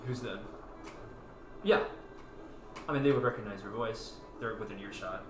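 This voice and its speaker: A man's voice: fairly low pitch, moderate pace, far from the mic. A man running a tabletop game as game master, talking casually and laughing often. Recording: echoey room, off-mic, music playing.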